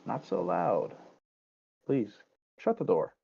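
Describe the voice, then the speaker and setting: A man's voice: mid-range voice, wildly swooping pitch, takes it slowly, lo-fi sound, full character voice. A man doing a sleazy secretive mayor. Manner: smooth, evasive, hushed.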